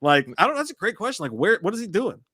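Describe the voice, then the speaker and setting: A man in his thirties co-hosting a casual live movie chat, telling profane, animated stories. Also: sits high, fast, no room sound, clean studio sound. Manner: animated, profane storytelling with frequent laughs. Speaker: co-host of a live movie talk show.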